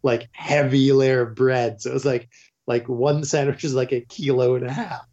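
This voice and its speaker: Man telling lively stories, dull audio. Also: medium pitch, normal speed. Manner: lively anecdotes, swears freely. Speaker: podcast guest. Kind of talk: casual storytelling chat.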